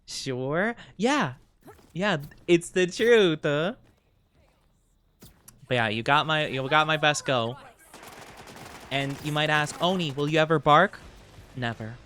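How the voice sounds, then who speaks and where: A man streaming a game and chatting playfully with his viewers, rambling and giggling, with sudden high squeaks. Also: expressive, slow pace, long pauses, pushed and bright, a little hiss or hum. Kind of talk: casual live-stream chat while gaming.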